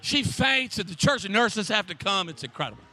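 A very high-pitched, bright-toned male pastor preaching to his church with fervor. He shouts and stacks up repeated words in quick bursts as he builds his point. Soft music plays faintly behind him. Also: lively intonation. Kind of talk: energetic preaching sermon. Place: church service.

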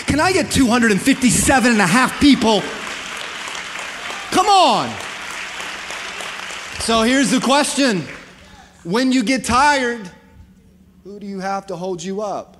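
High-voiced preaching pastor in a hall. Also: male voice, measured pace, pauses often, fairly bright tone, a faint crowd, slight background noise. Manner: impassioned preaching with call-and-response. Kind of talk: sermon.

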